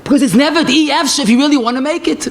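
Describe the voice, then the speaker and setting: Male rabbi, high-pitched and fervent, storytelling lecture with faint background noise. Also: racing. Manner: passionate storytelling with Yiddish and Hebrew phrases. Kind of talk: Torah lecture.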